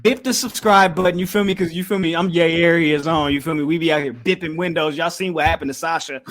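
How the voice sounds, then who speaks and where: Lively, slangy man hosting a podcast. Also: on the high side, fast. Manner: animated, slangy, laughs often, repeats "you feel me". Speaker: podcast host. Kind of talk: casual chat.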